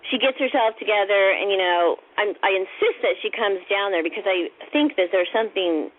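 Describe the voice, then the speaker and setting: A woman guest on a radio show, telling a story in a casual, animated way over the phone. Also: fairly quick. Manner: animated, acts out quoted voices in a higher pitch. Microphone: phone call. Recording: tinny phone line.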